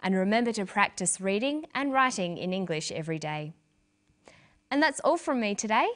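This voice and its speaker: A woman presenting a scripted English lesson, speaking clearly and carefully as a teacher. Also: mid-range voice, animated, moderate pace, fairly bright tone. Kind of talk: scripted instructional narration.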